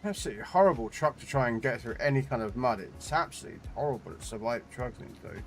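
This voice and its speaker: A man's voice: medium pitch, lively intonation, quick pace, faint music behind. A man streaming a video game, chatting casually with his viewers and swearing at the game as he plays. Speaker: gaming streamer. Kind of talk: live game stream commentary. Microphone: desk condenser mic.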